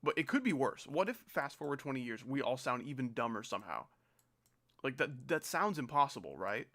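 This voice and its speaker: A man's voice: mid-range voice, very animated, brisk, bright, forceful tone. A young man chatting casually on his stream, rambling and sarcastic, often mocking slang.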